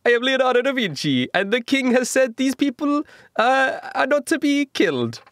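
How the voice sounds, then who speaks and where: A man voicing a boastful male Renaissance genius with a deliberately hammy fake Italian accent, pausing grandly during a tabletop role-play. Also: very high-pitched, big pitch swings, a bit bright, dry recording, studio quality, pitched above the performer's own voice, heavily acted. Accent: Italian (put on, deliberately bad).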